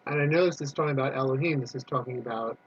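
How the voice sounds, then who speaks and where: A man's voice: mid-range voice, racing, slightly rough, lo-fi sound. A man taking part in a class discussion, thinking aloud and restarting his sentences. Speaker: class participant.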